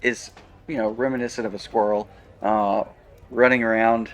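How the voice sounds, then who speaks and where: A man narrating a tabletop game as game master, halting often with fillers and little laughs. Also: on the low side, level tone.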